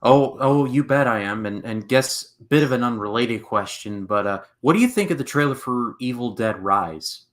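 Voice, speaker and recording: A young man hosting a casual movie podcast, relaxed and steering the talk with a few fillers. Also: mid-range voice, moderate pace, few pauses. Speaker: podcast host.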